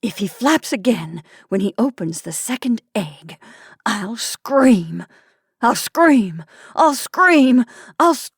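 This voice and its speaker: A woman's voice: medium pitch, expressive, a little slow, few pauses, a little mellow, husky, dry recording, far from the mic. A woman reading a story aloud, voicing a hysterical young wife who is shrieking and close to tears. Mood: tense. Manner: shrieking, breathless, near tears. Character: shrill hysterical young wife at breaking point.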